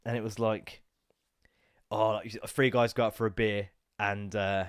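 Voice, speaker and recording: A man's voice: lowish voice, little pitch movement, unhurried, clean tone, no room sound, clean studio sound. A man hosting a solo podcast, rambling and swearing, sounding bunged up with a cold. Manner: rambling, sweary, jumps into goofy voices. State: congested, bunged up. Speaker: podcast host. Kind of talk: solo casual podcast rant.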